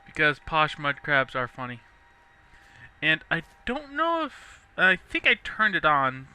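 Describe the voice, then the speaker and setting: A young man casually rambling through gameplay commentary, chatty and quick to laugh. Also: fairly high pitch, huge pitch swings, pushed and bright, smooth. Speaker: let's play host.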